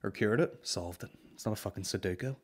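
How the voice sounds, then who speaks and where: A man in his thirties tells rambling, profane comic stories. His voice sits fairly low, and he keeps it animated and loose. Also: fast, slightly rough. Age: 30s. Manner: swears a lot, rambling, animated. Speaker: podcast host. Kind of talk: casual comedic storytelling.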